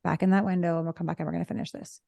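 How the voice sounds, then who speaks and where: A woman couple therapist co-hosting a podcast, talking in an animated way and acting out example lines, recorded in her office. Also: on the low side, rapid-fire, creaky, no echo. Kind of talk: casual conversational podcast chat.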